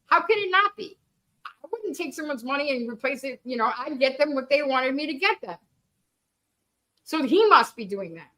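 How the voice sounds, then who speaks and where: Woman, high voice, bright, candid, swears a lot, casual storytelling. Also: big pitch swings, normal speed. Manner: candid, laughing, swears freely. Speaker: guest storyteller.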